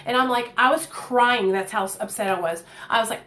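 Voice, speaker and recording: A woman tells a personal story in a candid, chatty way, swearing freely and leaning on fillers. Her voice sits a little high. The room adds a clear echo. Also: a little fast, fairly bright tone. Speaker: vlogger. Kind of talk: casual storytime. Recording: echoey room.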